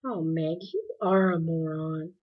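A woman voicing a kind teenage boy who speaks softly and gently, in a dull lo-fi recording. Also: sits low, takes it slowly, husky, pitched below the performer's own voice, heavily acted. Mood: gentle. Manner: soft and gentle.

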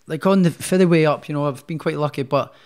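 A fast-talking boxer with a fairly high yet darkish voice tells his story on a podcast. He rambles casually and keeps restarting his sentences.

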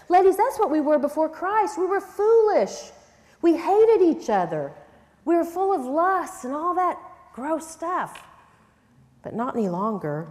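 A woman's voice: high-pitched, darkish tone. A middle-aged woman teaching a sermon at a women's conference, earnest and emphatic, with frequent rhetorical questions. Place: large church hall. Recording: long hall reverb.

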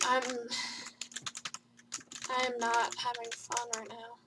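Woman, let's play commentary, high-pitched, swearing and stammering, keyboard clatter behind. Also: completely flat delivery, slow pace. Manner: frustrated, swearing, stammering outbursts. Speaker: gaming video creator. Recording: noisy home mic with keyboard clatter. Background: keyboard clicks and typing.

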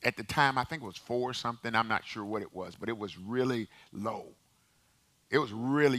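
A man's voice: mid-range voice, brisk, bright, forceful tone. A man in his sixties, a pastor preaching a sermon, calling on the congregation to repeat phrases after him and repeating words as he builds a point.

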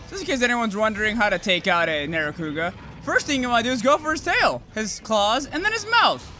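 A young man streaming a game, just woken up, swearing and yelling at the monster with sudden whoops. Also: high voice, big pitch swings, brisk, few pauses, faint music behind. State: just woke up, groggy. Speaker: gaming streamer. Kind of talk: live gameplay commentary.

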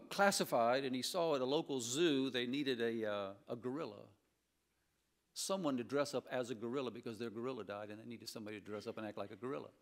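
A man preaching an animated sermon in a church and mixing in humorous stories. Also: medium pitch. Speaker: pastor. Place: church sanctuary.

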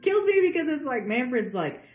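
A woman's voice: high-pitched, very animated, moderate pace, a little mellow, reverberant. A woman giving a casual literature lecture, chatty with many fillers, acting out quotes as she goes. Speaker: literature professor.

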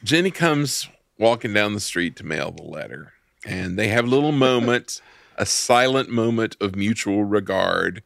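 A man's voice: on the low side, lively intonation, normal speed, vocal fry, fairly bright tone, no echo. A man casually recapping a film plot, with dry joking asides. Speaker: film podcast co-host. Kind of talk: casual movie recap chat.

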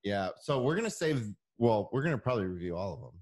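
A man co-hosting a podcast in a joking, easygoing way, with plenty of swearing and filler words. His pitch is average, but it swings widely as he talks. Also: very animated, quick pace, darkish tone. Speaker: podcast co-host. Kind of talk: casual podcast chat.

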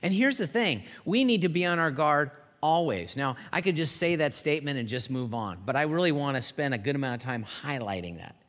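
A male pastor preaching a sermon with animated storytelling, acting out the quotes. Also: fairly high pitch, brisk, hardly any pauses. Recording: long hall reverb.

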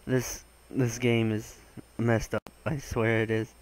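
A young man giving gaming commentary, excitable and swearing, with loud exclamations and a voice that cracks. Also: mid-range voice, low-quality recording. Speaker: gaming channel host.

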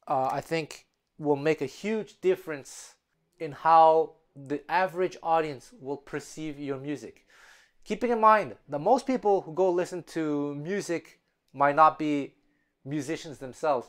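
A man's voice: on the high side, clean tone. A man giving a spoken music lesson, explaining earnestly in a conversational way with frequent restarts. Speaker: music teacher.

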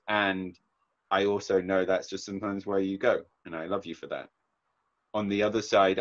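A young man sharing earnestly in an online workshop, reflective, acting out remembered conversations. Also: deep voice. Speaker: workshop participant. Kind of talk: personal sharing in an online group. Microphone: video call. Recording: muffled video call audio.

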